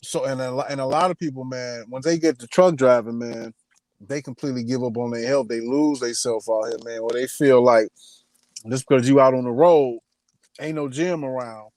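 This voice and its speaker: A man's voice: medium pitch, normal speed, a little mellow, no echo. Man, podcast guest, blunt, laid-back, dry close sound. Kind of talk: casual podcast discussion.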